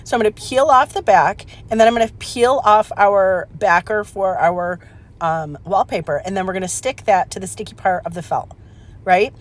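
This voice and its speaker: A woman hosting a casual craft demonstration, chatty and excitable, laughing at her own mistakes and filling pauses with "um". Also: mid-range voice. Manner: chatty, excitable, self-deprecating, lots of "um". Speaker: craft channel host.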